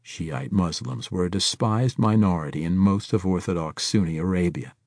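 A man narrating a thriller novel in a wry, measured audiobook reading. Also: deep voice, creaky, a little mellow, no room sound, clean studio sound.

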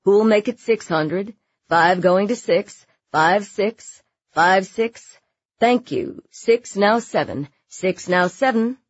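A woman voicing a male auctioneer who loudly chants out bids. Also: medium pitch, slightly rough, lo-fi sound, exaggerated voice. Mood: booming. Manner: loud, rapid chanting of bids.

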